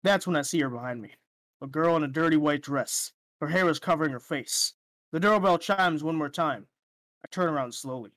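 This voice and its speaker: A podcaster putting on a spooky narrator voice, reading a creepy story slowly and low. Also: fairly bright tone, no echo, close to an everyday voice. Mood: ominous. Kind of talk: joke reading.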